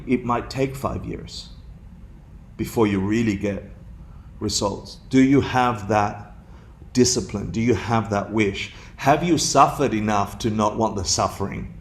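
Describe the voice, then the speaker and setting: A man from Argentina giving a dharma talk, telling a story in an animated, jokey way and laughing often. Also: lowish voice, gravelly, slight background noise. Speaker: dharma teacher.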